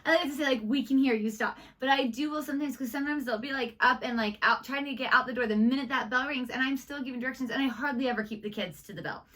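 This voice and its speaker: A young woman teacher chatting casually on a reaction video, animated and quick to act out what she says to students. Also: high voice. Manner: animated, laughing, acts out classroom lines. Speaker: middle school teacher and reaction video co-host. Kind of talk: casual chat.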